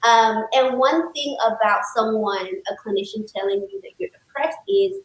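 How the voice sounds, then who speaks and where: A woman counselor, a guest on a talk show, telling her story in a lively, emphatic way and calling the host "girl". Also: fairly high pitch, normal speed. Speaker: licensed counselor, podcast guest. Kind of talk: casual conversational storytelling. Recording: roomy echo.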